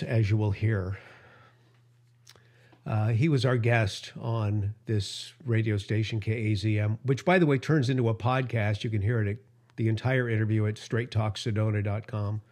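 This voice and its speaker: A man hosting a radio show and podcast, talking in an emotional monologue that climbs higher in pitch when he is outraged and sometimes stumbles over his words. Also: darkish tone.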